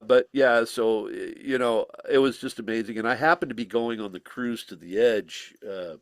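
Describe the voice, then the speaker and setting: A man telling stories as a guest in an interview, animated and laughing, slipping into voices when he quotes people. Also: medium pitch, normal speed, no echo, clean studio sound. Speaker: musician guest. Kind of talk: casual storytelling interview.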